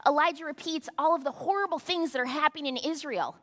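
A woman's voice: high voice, animated, a little fast. A woman pastor giving a sermon, talking conversationally with rhetorical asides to the congregation. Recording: long hall reverb.

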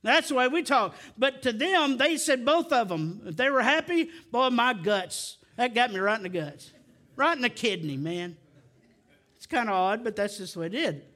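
A middle-aged man preaching a sermon, swinging from near shouts down to low, quiet stretches. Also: lively intonation, normal speed. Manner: emphatic preaching, rising to near shouts then dropping low. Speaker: pastor.

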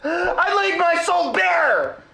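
A man's voice: very high-pitched, very animated, slow pace, vocal fry, noisy background, heavily acted. An actor playing a pushy, needy man who will not leave a study group, protesting in a wounded, whiny way. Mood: hurt. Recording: roomy TV clip sound.

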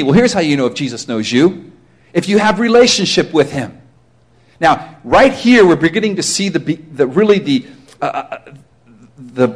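A pastor preaching a sermon to his congregation, driving points home with emphatic rhetorical questions. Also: sits high.

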